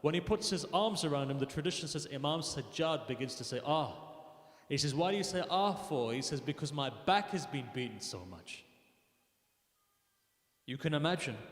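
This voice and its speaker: At a mosque gathering, a man narrates a mournful religious story in an emotional sermon, voicing the quoted figures with mounting intensity. His pitch is fairly high, and the hall is echoey with long reverb.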